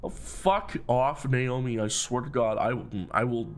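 A man's voice: mid-range voice, measured pace. Profane joking man commentating a game. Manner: profane, joking, reads game dialogue aloud. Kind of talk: casual let's play commentary.

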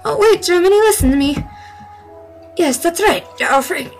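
A high-pitched woman reads a game's dialogue aloud in a melodramatic, voice-acting way and keeps breaking into laughter between lines. Loud game music plays steadily behind her voice. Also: lively intonation, moderate pace, long pauses. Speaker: let's play gamer voicing game dialogue.

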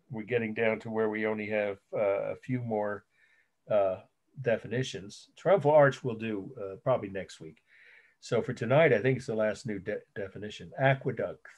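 A middle-aged man teaching an art history class at an ordinary pitch. He rambles, corrects himself mid-sentence and spells out new terms letter by letter for his students. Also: a little mellow. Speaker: college art history lecturer. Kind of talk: recorded online lecture.

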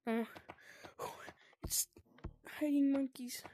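A woman giving excited gameplay commentary, gushing and squealing, with "oh my gosh" and "dude" constantly. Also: high voice, takes it slowly, dry recording. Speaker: gaming video creator.

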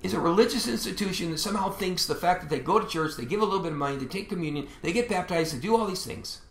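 A man's voice: high-pitched, expressive, racing, reverberant. A man preaching a sermon as pastor, explaining scripture with some fillers and restarts, and reading verses aloud with rising emphasis.

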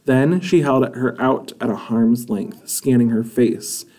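A man's voice: mid-range voice, unhurried, mellow. Man reading a chapter book aloud. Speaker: storybook reader.

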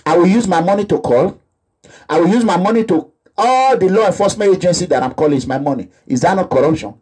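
A man's voice: high-pitched, lively intonation, fast talker, a little mellow, breathy edge. A man with a Nigerian accent delivering an impassioned, repetitive monologue that slips into pidgin phrases. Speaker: activist vlogger. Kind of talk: animated monologue.

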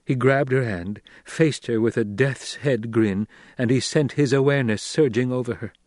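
A man narrating an audiobook in a measured storytelling voice on a close mic. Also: medium pitch, darkish tone, dry recording. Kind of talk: scripted narration.

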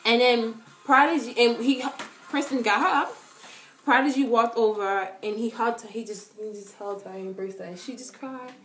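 A young woman vlogger answering fan questions in casual, animated talk, full of slang and repeated words, dropping to a soft hush for emotional moments. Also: fairly high pitch, moderate pace, slight background noise. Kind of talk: casual chat to camera. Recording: echoey room, faint music behind.

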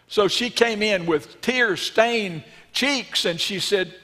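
A male pastor preaching a sermon and leading a closing prayer in a church, earnest in his storytelling and hushed in prayer. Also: high-pitched, a little slow, few pauses. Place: church sanctuary. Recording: long reverb in a church sanctuary.

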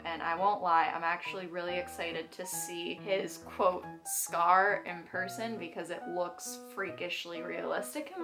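Gushing young woman unboxing vlogger. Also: medium pitch. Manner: gushing, breaks into excited squeals and gasps. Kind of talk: casual unboxing vlog.

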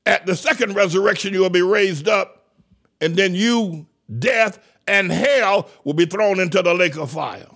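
An older man preaching a fiery sermon as pastor, shouting, mocking and repeating phrases over and over. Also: high-pitched, moderate pace, gravelly. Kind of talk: fiery street-style sermon.

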